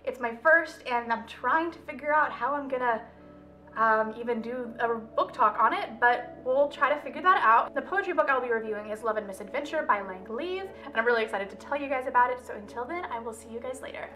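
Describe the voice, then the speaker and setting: A woman's voice: on the high side, expressive, fairly quick, pushed and bright, faint music behind. A woman talking casually to her camera in a book review, recapping the plot in her own chatty, gushing way.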